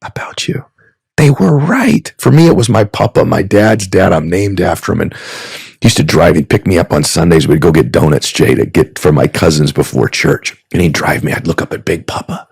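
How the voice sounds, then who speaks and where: Gravelly, earnest man in his fifties. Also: deep voice, animated, moderate pace, darkish tone, no room sound. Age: 50s. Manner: earnest, emotional, sermon-like. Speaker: podcast guest. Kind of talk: heartfelt storytelling.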